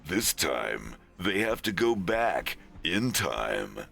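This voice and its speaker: A man with a deep but sharp, forward voice chats on his stream at a slow, easy pace. He rambles and turns sarcastic, laughing often at his own jokes. Soft music plays faintly behind him. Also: sing-song, gravelly. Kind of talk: casual stream chat.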